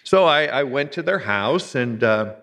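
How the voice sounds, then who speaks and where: A man's voice: medium pitch, lively intonation, a little slow, a bit bright. Older man preaching in a reverberant church. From Pennsylvania. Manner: folksy storytelling, humorous anecdotes. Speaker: guest preacher, retired pastor. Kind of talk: sermon. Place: church sanctuary.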